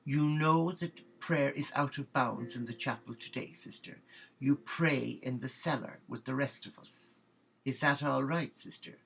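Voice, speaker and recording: A man's voice: medium pitch, unhurried, gravelly, a bit bright, husky, full character voice, poor audio. A man voicing a fussy, bossy older mother superior who scolds her nuns primly.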